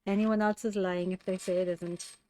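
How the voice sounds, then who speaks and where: A woman's voice: lowish voice, fairly even intonation, moderate pace, mellow. A woman with a Cork Irish accent, chatting casually and playfully on a live stream while she crafts, often laughing at herself. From Cork, Ireland.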